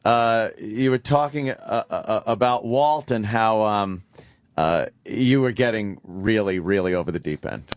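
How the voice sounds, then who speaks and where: A man hosting a casual radio show, excitable and rambling as he talks to a guest. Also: fairly low pitch, unhurried. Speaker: radio host. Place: radio studio. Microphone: studio microphone.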